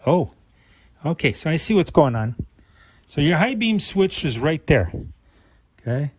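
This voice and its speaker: A middle-aged man hosting a car repair channel, thinking aloud in an unhurried way while he works on a part at his bench. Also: mid-range voice. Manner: talks with a flashlight in his mouth at times. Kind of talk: hands-on repair demonstration.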